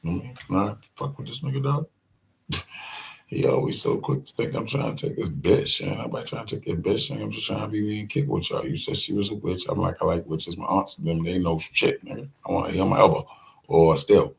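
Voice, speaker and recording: A man rambles through stories in a loose, slangy, profane monologue, acting out the voices of the people in them. His voice sits very low, with a gravelly edge and a husky, rough tone. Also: fairly even intonation, fairly quick. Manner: loose storytelling, slangy, profane, acts out quoted voices, laughs often.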